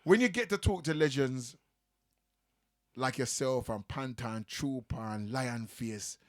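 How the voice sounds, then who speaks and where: A man's voice: medium pitch, unhurried. A man hosting a radio show, teasing and laughing with his guest in casual chat. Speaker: radio host.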